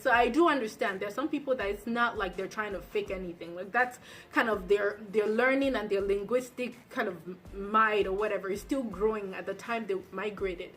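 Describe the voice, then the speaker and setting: A woman's voice: mid-range voice, a bit bright, a little hiss or hum. A young woman who moved to the United States, giving chatty, casual advice to camera with lots of fillers. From abroad, migrated to the United States. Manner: chatty, storytelling, many fillers. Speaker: vlogger.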